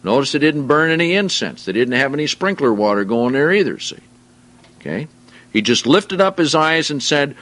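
Lively-voiced man preaching a sermon. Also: on the high side, normal speed. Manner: reads scripture aloud then comments plainly. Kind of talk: Bible teaching sermon.

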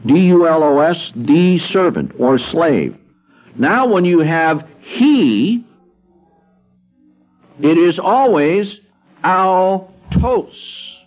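A man's voice: high voice, a little mellow, low-quality recording. A man teaching Greek grammar in a classroom lecture, patiently repeating words and checking in with "okay?". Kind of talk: classroom lecture walking through a worksheet.

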